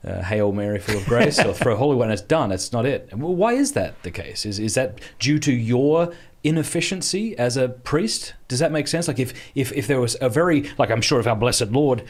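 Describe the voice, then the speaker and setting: A man's voice: mid-range voice, expressive, fairly quick. A man hosting an interview, asking thoughtful questions with many restarts. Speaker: podcast host. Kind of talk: interview conversation.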